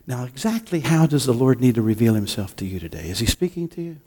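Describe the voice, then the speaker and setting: A man preaching a sermon as pastor, impassioned, moving between hushed and loud delivery. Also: mid-range voice, very animated, fast, slightly rough.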